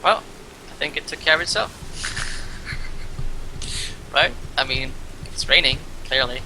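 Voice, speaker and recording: A man's voice: fairly high pitch, a little slow, pushed and bright, slight background noise, low-quality recording. A man playing a tabletop role-playing game, chatty and joking, trailing off mid-sentence. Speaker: player. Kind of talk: casual tabletop game chat.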